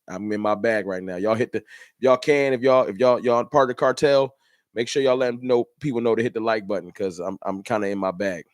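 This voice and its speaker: A man's voice: lowish voice, no room sound, studio quality. A man hosting a fan channel livestream, ranting in an emphatic, repetitive, slangy way. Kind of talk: livestream rant.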